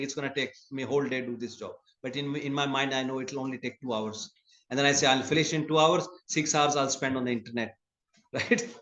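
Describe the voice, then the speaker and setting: A man's voice: high-pitched, fairly bright tone. A man giving a scripture class in a temple. He talks in a conversational way, tells stories and laughs often. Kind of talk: sermon. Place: temple hall. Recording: echoey temple hall.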